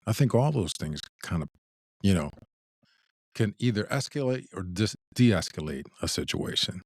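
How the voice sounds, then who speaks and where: Deep-voiced man hosting a talk show. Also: animated, moderate pace, no room sound, studio quality. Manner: thoughtful, many restarts and repeated words. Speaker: podcast host. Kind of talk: casual discussion.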